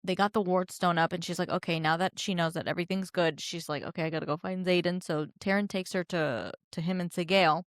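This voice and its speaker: A woman's voice: fairly low pitch, fairly even intonation, quick pace, few pauses, no echo. Young woman co-hosting a book podcast, dry sound. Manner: retells scenes with dramatic read-aloud, swears freely. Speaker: podcast co-host. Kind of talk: casual book chat.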